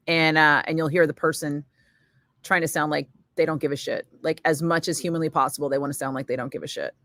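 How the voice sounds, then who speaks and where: A woman radio DJ chats casually in her studio, answering viewer comments animatedly with lots of fillers. Her voice is fairly low in pitch, with no echo.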